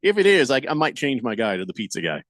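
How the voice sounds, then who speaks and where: A man hosting a sports radio show, chatting in a wry, rambling way. His pitch swings widely as he talks. The studio sound is dry and close, with no room echo. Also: very animated, quick pace. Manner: rambling, wry, reads listener chat comments aloud. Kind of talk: casual sports radio chat.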